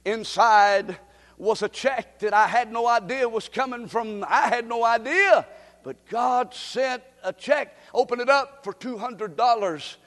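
A male pastor preaching a sermon in a church, with emphatic delivery that surges into shouts. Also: very high-pitched, measured pace, big-room sound. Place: church sanctuary.

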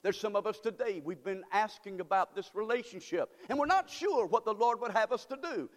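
A man's voice: sits high, expressive, brisk, hardly any pauses. A man preaching a sermon as pastor, fervent and repetitive, drawing call-and-response from the congregation. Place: church sanctuary. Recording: long church hall reverb.

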